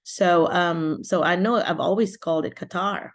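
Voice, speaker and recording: A middle-aged woman from the Philippines with a fairly low voice leads a casual online session over a video call. She talks in a loose, rambling way, often restarting sentences and leaning on fillers. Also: normal speed. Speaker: host of an online teacher support session.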